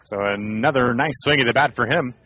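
Male radio baseball announcer, middle pitch, laid-back and chatty, slightly muffled broadcast. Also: fairly quick, a little hiss or hum. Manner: relaxed, conversational calling with asides. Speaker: play-by-play announcer.

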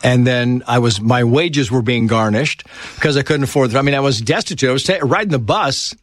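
A middle-aged man telling stories in a casual chat, animated, leaping into high shouted voices when he quotes people. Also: a little fast, no echo, studio quality. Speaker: guest telling life stories.

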